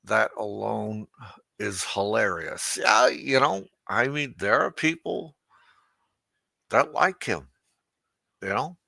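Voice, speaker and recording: A man hosts a livestream in a slow, unhurried drawl, heaping crude mockery on his targets and chuckling at his own jabs. His voice is gravelly and edged with a sharp, tense brightness, recorded close and dry. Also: lowish voice, lively intonation, no echo. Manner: crude, mocking, laughs at his own jokes. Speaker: livestream host. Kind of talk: unscripted livestream rant.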